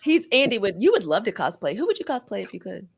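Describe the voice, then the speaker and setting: A woman's voice: mid-range voice, sing-song, fast, vocal fry. Woman co-host, middle-aged, easygoing chat with plenty of laughter. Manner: chatty, laughs often, uses "girl" and "y'all". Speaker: podcast co-host. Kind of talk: casual chat.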